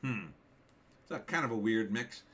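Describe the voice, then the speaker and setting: A man hosting a livestream, reading through a list in casual commentary and musing aloud with quick offhand asides. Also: lowish voice, lively intonation, a bit bright. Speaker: livestream host.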